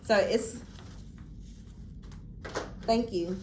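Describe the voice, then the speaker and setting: A woman's voice: mid-range voice, very slow, slight background noise. A woman teacher giving a one-on-one classroom lesson, asking patient questions with playful emphasis. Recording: echoey classroom.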